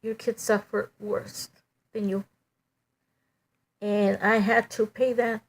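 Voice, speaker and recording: A middle-aged woman giving a halting, emotional personal testimony, full of "you know" and restarts. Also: mid-range voice, flat delivery.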